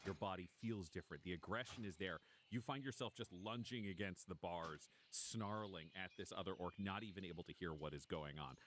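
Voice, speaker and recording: A man's voice: sits low, a bit bright, a little hiss or hum. A man narrating a tabletop role-playing game as game master, with vivid, descriptive storytelling.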